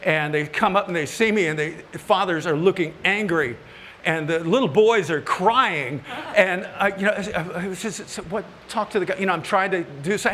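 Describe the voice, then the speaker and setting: A man tells folksy, joking stories to a live audience, his voice high and bright. He gets more animated as he warms up, and a faint hall ambience sits behind him. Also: normal speed, slight background noise. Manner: folksy, animated, joking, often rising high when worked up. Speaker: woodworking TV host giving a stage talk. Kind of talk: humorous storytelling to a live audience. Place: large hall at a woodworking event. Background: audience laughter.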